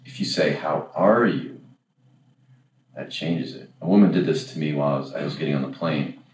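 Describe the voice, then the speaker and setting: A man coaching a class in a casual, rambling way, often correcting himself and acting out example lines. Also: extremely low pitch. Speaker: dating coach. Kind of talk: casual workshop lecture. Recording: echoey room, far from the mic, faint background noise.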